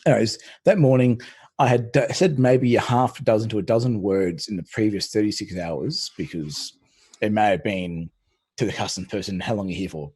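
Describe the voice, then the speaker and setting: Husky-voiced man telling a rambling story. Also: lowish voice, moderate pace, a little mellow. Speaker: stream co-host. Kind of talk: casual chat.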